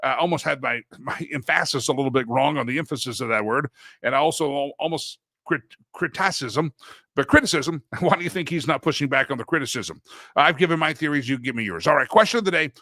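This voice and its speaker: Here a middle-aged talk show host speaks fast in a mid-range voice with a sharp tone, delivering a casual monologue of rambling personal stories. He often corrects himself mid-sentence. The recording is dry and clean, studio grade.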